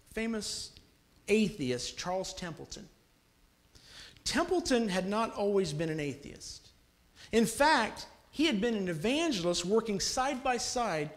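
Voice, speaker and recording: A man preaching a sermon in a church, telling a story earnestly and pressing his listeners with urgent appeals. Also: high voice.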